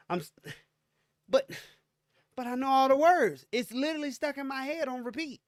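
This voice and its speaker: A young adult man co-hosting a casual chat, telling animated, slangy stories and acting out what people said. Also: extremely high pitch, moderate pace, no room sound, studio quality. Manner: animated storyteller, acts out quotes, slangy. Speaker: podcast co-host.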